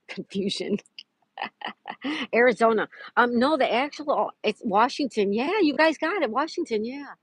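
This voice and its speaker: Broadcasting a relaxed livestream from a park, a chatty Florida woman greets viewers by name and reads out trivia. Her fairly high, husky voice has lively intonation and a measured pace, sounding close and dry without echo.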